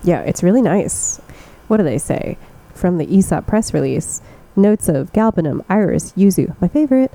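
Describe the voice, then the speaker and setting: A woman's voice: on the low side, expressive, normal speed, vocal fry, hardly any pauses, mellow, poor audio. A young woman co-hosting a casual chat, describing scents in detail and laughing often. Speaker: podcast co-host. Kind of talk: casual chat about fragrances.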